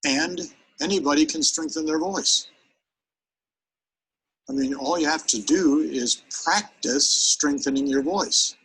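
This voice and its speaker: Man, seminar trainer, husky tone, energetic, speaks directly to the audience. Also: a little high, slow, long pauses, low-quality recording. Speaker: sales presentation trainer. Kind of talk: live seminar talk.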